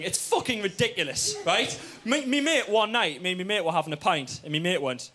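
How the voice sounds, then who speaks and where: Young geordie guy doing stand-up, high pitched, bright punchy voice, tells it fast and loose. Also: a little hiss or hum. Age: young adult. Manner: lively storytelling, frequent "right?" asides. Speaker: stand-up comedian. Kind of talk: stand-up comedy set.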